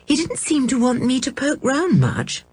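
A woman's voice: high voice, sing-song, normal speed, a little mellow, breathy edge, voice pushed up, exaggerated voice. A woman reading a storybook, voicing a fussy, fretful middle-aged mother.

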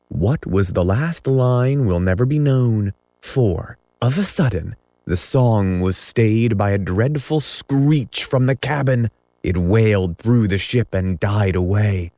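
A man narrating a classic story as an audiobook, measured and dramatic. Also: fairly low pitch, animated, mellow, no echo. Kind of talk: audiobook reading.

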